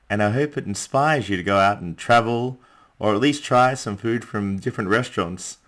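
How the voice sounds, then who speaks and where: A man teaching a beginner English lesson, speaking deliberately and adding small friendly asides. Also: on the low side, fairly bright tone. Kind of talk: beginner language lesson narration.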